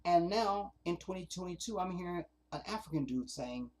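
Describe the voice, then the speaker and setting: A man's voice: high voice, expressive, normal speed, a little mellow. A man hosting a casual livestream, rambling and swearing as he reads out viewer comments. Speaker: livestream host.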